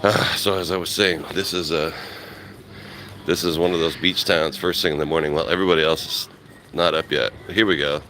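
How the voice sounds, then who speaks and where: A man vlogging live outdoors in the early morning, rambling casually and greeting viewers, his voice rough from just waking up. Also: very deep voice, fairly even intonation, a little fast, sharp tone, a little hiss or hum. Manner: rambling, laid-back, greets chat viewers by name. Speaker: travel vlogger. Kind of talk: casual live-stream chat. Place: outdoors in a quiet beach town in the early morning. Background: faint outdoor ambience.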